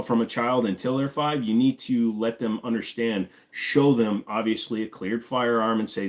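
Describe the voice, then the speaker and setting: A man from Virginia with a mid-range, slightly mellow voice hosts a casual live Q&A. He rambles and jokes while answering chat questions, fiddling with gear as he talks.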